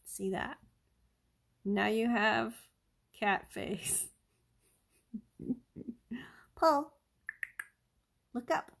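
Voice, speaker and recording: A woman's voice: on the high side, animated, extremely slow, vocal fry, pauses often, fairly bright tone. A woman chatting casually on a live stream while she paints at home, rambling and coaxing her cats over.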